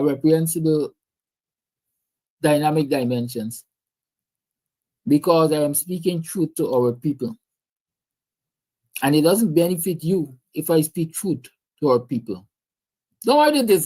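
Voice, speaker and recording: A man's voice: a little high, animated, unhurried, pauses often, a little mellow. A man with a Guyanese accent hosting a livestream, giving impassioned, preachy political commentary and answering viewer comments. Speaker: livestream host.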